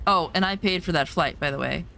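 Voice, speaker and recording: A woman's voice: on the low side, a little fast, vocal fry, pushed and bright, slight background noise. A woman streamer chatting casually over gameplay, telling personal stories bluntly and emphatically, swearing now and then.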